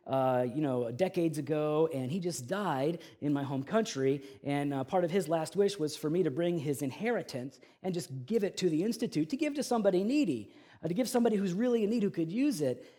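Man playing a coaxing con man, persuasive and higher-pitched. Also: expressive, a little fast, warm tone. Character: smooth-talking male con man visitor.

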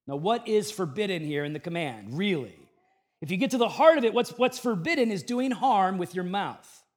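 A pastor in his thirties preaching a sermon, with a humorous storytelling manner and lively shifts. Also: high voice, normal speed.

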